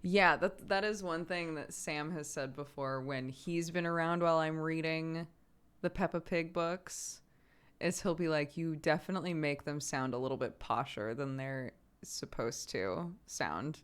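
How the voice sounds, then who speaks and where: A man's voice: fairly high pitch, unhurried, fairly bright tone, clear, resonant tone. A young man streaming, chatting casually with viewers, reading out their messages and laughing often.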